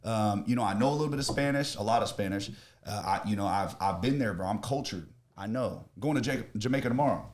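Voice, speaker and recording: Brash, cursing young guy from Florida, lowish voice, loud boasts that drop to quiet. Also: quick pace. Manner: brash, boastful, swears a lot, swings from loud to low. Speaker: podcast host, business owner. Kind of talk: casual chat.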